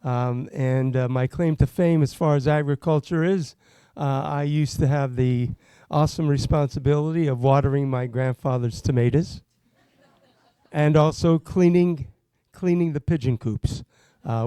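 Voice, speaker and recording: A man, a state legislator from Pennsylvania, gives an impassioned political speech that builds to loud, emphatic calls. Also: medium pitch, a little slow, smooth, no room sound.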